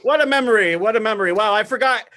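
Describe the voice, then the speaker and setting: A man's voice: high voice, fast, sharp tone. A man performing improvised comedy on stage, loose and laughing.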